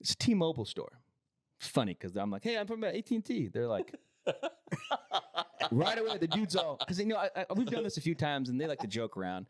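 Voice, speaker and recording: A man on a podcast telling a rough, profane story about a work site, often acting out the other people's lines. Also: a little high, huge pitch swings, normal speed, pauses often, dry recording, clean studio sound. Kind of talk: casual storytelling.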